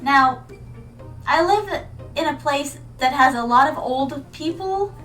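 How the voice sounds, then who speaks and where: Playful high-voiced American woman streamer. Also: lively intonation, takes it slowly, a bit bright, distant mic, poor audio. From United States. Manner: playful, rambling, chatty with viewers. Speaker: VTuber streamer. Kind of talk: casual game stream chat. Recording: mic set back, music behind.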